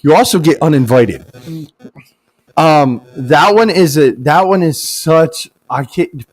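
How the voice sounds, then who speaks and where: A man with a fairly high voice jokes along in a casual podcast chat and drops quick punchlines. His voice sounds dry and close, with no room around it. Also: animated, no room sound. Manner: joking, chimes in with punchlines. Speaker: podcast co-host.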